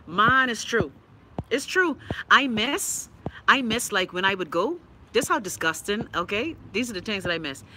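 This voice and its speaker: A woman's voice: mid-range voice, lively intonation, moderate pace, pushed and bright. A Bahamian woman hosting a casual live stream, reading viewer comments in a blunt, sassy, profane way, her throat scratchy from pollen.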